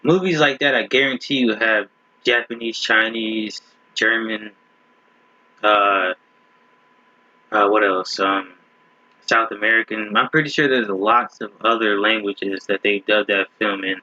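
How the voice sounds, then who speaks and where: A man's voice: fairly low pitch, fairly even intonation, unhurried, pauses often, bright, forceful tone, no room sound. A man hosting a casual reaction video, rambling and restarting his sentences as he talks, in a slightly muffled home recording. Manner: rambling, restarts often, laughs at clips. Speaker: video host.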